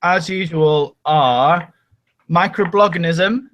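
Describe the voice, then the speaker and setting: A man's voice: on the high side, takes it slowly, fairly bright tone, highs cut off, slight background noise. Chatty man hosting a casual group chat. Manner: chatty, self-mocking, lots of ums and laughs. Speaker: podcast host.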